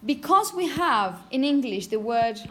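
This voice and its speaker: High-voiced woman teaching pronunciation. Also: very animated, bright, forceful tone. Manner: repeats words slowly to model pronunciation; asks "okay?" often to check understanding. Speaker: phonetics teacher. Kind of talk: classroom lecture. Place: classroom.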